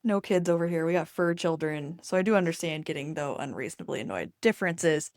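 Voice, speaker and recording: A woman co-host chatting casually on a podcast, upbeat and quick to laugh. Her voice sits fairly low and the recording is dry and close. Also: darkish tone, dry recording. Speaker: podcast co-host and enneagram coach. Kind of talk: casual chat.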